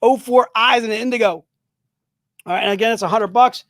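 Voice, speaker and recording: A man hosting a live comic sales stream, joking and hyping items in rapid-fire salesman banter from an indoor studio room. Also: very high voice, a bit bright, no room sound. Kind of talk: casual live-stream selling.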